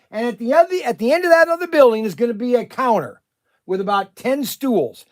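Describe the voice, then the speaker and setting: Casual livestream host, man, higher voice, rambly and excitable, dry close sound. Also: a little fast, no echo. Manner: rambling, animated, many restarts and fillers. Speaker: livestream host and shop owner.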